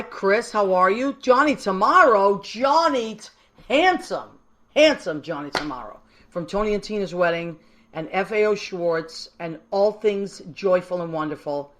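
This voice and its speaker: A woman's voice: medium pitch, a bit bright. A woman from Massachusetts hosting a live call-in show, chatty, effusive and affectionate, rambling a little as she goes. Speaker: host.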